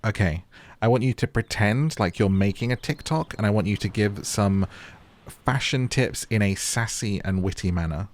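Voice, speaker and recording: Playful low-voiced man gaming. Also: unhurried, soft background music. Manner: playful, joking, talks to game characters. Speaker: gaming YouTuber. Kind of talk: casual gameplay commentary.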